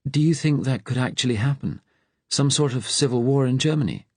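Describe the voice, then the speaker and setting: A man's voice: medium pitch, brisk, a little mellow, breathy edge, no room sound, pitched above the performer's own voice, lightly acted. A man voicing Frank, a curious, uneasy male resistance member who speaks in a questioning way, in a storybook audiobook.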